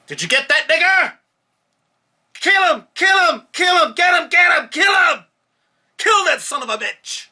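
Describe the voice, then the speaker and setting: A brutal raging cop. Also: male voice, lively intonation, a little slow, long pauses, pushed and bright, raised voice, full character voice. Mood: screaming rage. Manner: screaming in high-pitched fury. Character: brutal male police officer screaming for a beating.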